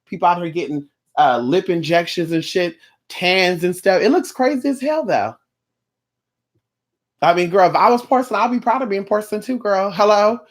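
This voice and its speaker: A woman's voice: medium pitch, normal speed. A woman ranting in a casual vlog, sassy and blunt, with plenty of profanity and mocking asides. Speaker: vlogger.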